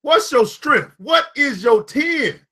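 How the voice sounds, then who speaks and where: A high-pitched man gives a live motivational talk. He is preachy and repetitive and keeps calling out viewers by name. His tone is bright and forceful. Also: animated, slow. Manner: preachy, repetitive, calls out viewers by name, laughs at own jokes. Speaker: founder giving a motivational talk.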